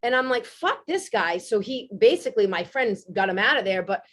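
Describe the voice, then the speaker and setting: A woman, telling a story in casual podcast chat, animated and swearing freely. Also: a little high, a little fast. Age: 40s. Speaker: podcast host.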